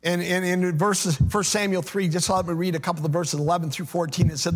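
A man preaching from the pulpit in a high, breathy-edged voice. He leans on repeated phrases and lifts into a sing-song preaching cadence, and his words ring with the long reverb of a large hall. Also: little pitch movement, brisk, hardly any pauses. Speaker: pastor. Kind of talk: sermon.

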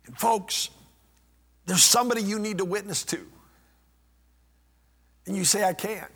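An older man preaching a sermon as pastor, impassioned, rising to shouts and dropping to near whispers. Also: high voice, animated, measured pace, pauses often, breathy edge, long reverb tail.

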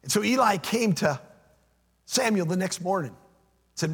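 High-voiced husky preacher in a hall. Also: male voice, big pitch swings, moderate pace. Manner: emphatic, repeats phrases, swells into a sing-song preaching cadence. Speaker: pastor. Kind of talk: sermon.

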